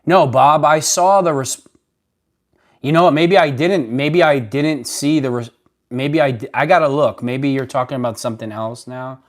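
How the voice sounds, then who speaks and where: A livestream host with a mid-range voice talks at a moderate pace. He answers viewer comments in a casual, blunt, rambling way and keeps restarting his sentences.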